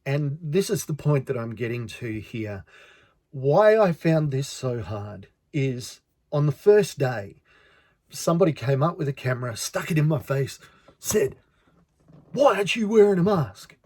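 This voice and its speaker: Australian man, podcast host, earnest storytelling, repeats words, middle pitch, dry sound. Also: lively intonation, a little slow, a little mellow, no echo. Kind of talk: personal storytelling monologue.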